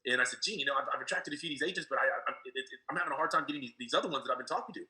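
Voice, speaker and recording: A man telling a story in a casual, excitable way, full of "you know" and restarts. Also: mid-range voice, rapid-fire, low-quality recording. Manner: excitable, many fillers and restarts. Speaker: interviewee, team leader.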